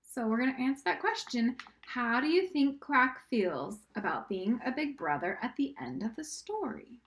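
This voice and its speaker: Teacher lady walking little kids thru spelling, kinda high voice, patient, stretches words out slow. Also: very animated, fairly bright tone. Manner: patient, encouraging, models sounding out words slowly. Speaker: reading intervention teacher. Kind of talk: recorded remote reading lesson.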